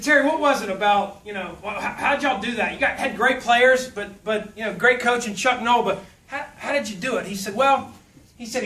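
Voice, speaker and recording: Recorded from a distance in a reverberant hall, a South Louisiana motivational speaker tells folksy, funny stories. His voice is high with a sharp edge, and he puts on voices whenever he quotes anyone.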